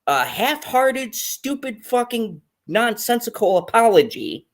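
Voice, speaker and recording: A woman's voice: fairly high pitch, big pitch swings, measured pace. A woman guest on a fan talk show, ranting heatedly with constant swearing and frequent laughter. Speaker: guest commentator. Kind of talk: profane ranting commentary.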